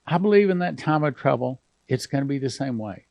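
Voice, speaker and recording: A man's voice: medium pitch, lively intonation, brisk, vocal fry, hardly any pauses, a little mellow, no room sound. A man pastor preaching fervently, at times emotional, on a broadcast program.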